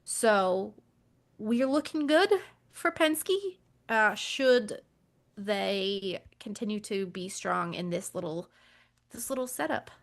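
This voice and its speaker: A woman's voice: mid-range voice, lively intonation, slow pace. Woman co-host, casual talk, matter-of-fact, reads stats and notes in a mid-range voice. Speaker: podcast co-host and journalist. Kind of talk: casual chat.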